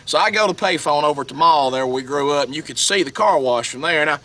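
A man telling a funny story in a lively, chuckling way, outdoors by a lake. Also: fairly high pitch, fast talker. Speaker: radio host, guest on outdoors show. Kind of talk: animated storytelling.

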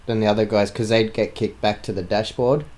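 A fairly low-pitched man chatting on a podcast. He talks in a laid-back way, adding teasing remarks and side comments during a mate's story. The tone is relaxed, casual conversation. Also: fairly quick. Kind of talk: casual chat.

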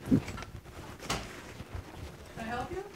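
A woman's voice: extremely slow, a little mellow. A woman in a lecture hall answering curtly and dismissively. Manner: curt, dismissive.

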